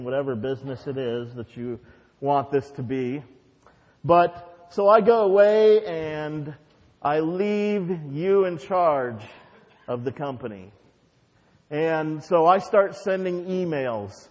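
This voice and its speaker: A man's voice: a little high, darkish tone. A male pastor leading a fervent, repetitive prayer and then preaching a sermon in a conversational storytelling way, recorded in a church sanctuary. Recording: dull, reverberant church recording.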